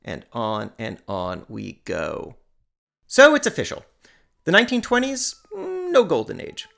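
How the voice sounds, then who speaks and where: Wry, lively female podcast narrator. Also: rumbling low, measured pace, gravelly. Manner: wry, conversational, playful asides. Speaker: podcast host. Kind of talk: scripted narration.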